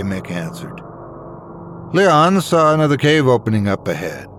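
A man's voice: lowish voice, big pitch swings, normal speed, a bit bright, slight background noise. A man narrating a scripted horror story and doing all the character voices.

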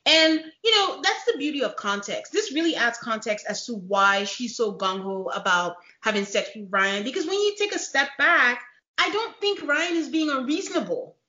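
A woman hosting a casual recap chat, animated and laughing often as she retells scenes. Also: sits high, moderate pace. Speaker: podcast host. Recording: dull lo-fi echoey room.

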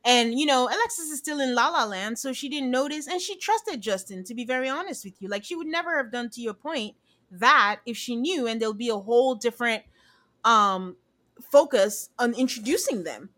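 A woman's voice: on the high side, brisk. Chatty woman recapping a TV episode. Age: adult. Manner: chatty, animated retelling with quoted voices. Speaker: podcast co-host. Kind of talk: casual recap chat.

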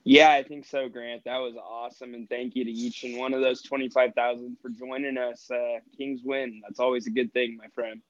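A man's voice: mid-range voice, flat delivery, normal speed, few pauses, dry recording, highs cut off. Indignant male radio co-host. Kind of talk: casual radio talk.

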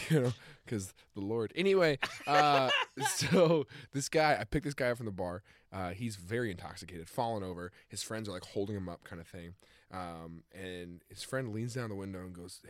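A man's voice: fairly low pitch, expressive, a little fast, no room sound, clean studio sound. A young man co-hosting a podcast, telling a long story in a casual way and laughing often as he goes. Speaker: podcast co-host.

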